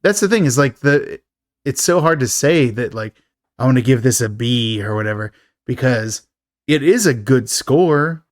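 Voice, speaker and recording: A man hosting a casual movie review podcast, chatty and quick to laugh, with many fillers. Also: mid-range voice, expressive, no echo, clean studio sound. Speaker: podcast host.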